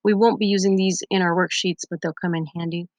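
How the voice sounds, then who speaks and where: A woman's voice: lowish voice, fairly even intonation, fast talker, no room sound. A Spanish teacher, a young woman, patiently explaining grammar step by step over her slides in a recorded lesson. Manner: patient, methodical explaining with examples.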